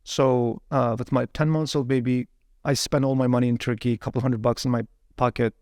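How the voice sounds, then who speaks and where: A man telling his life story as an interview guest, animated, often repeating words while he searches for the next one. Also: medium pitch, brisk, no room sound, clean studio sound. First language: Uyghur.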